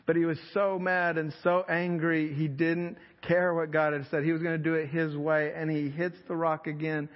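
A man's voice: on the high side, flat delivery, normal speed, few pauses. A male pastor preaching a sermon in a conversational, emphatic storytelling way in a church hall. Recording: echoey hall, slightly dull sound.

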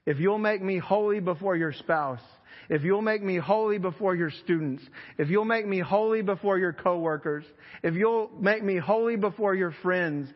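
A male pastor preaching a sermon in a conversational, emphatic storytelling way in a church hall. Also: fairly high pitch. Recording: echoey hall, slightly dull sound.

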